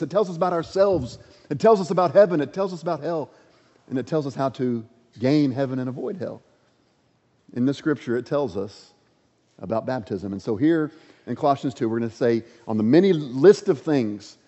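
A man's voice: fairly high pitch, mellow. A man preaching a sermon, earnest and emphatic, building points through repeated rhetorical questions. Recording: dull lo-fi audio with long hall reverb.

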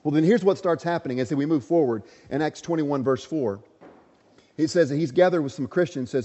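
Male pastor, earnest sermon, mellow tone, dull reverberant recording. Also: fairly high pitch, a little fast. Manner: earnest, emphatic, asks the congregation questions.

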